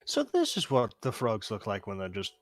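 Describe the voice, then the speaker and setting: A man's voice: on the low side, wildly swooping pitch, normal speed, a little hiss or hum. Joking male tabletop player. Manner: joking, playful banter. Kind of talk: tabletop game play.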